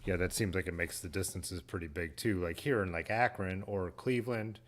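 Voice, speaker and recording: A man's voice: deep voice, moderate pace. A man, hosting a casual livestream, reading viewer comments aloud and chatting in a laid-back, rambling way. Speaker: livestream host.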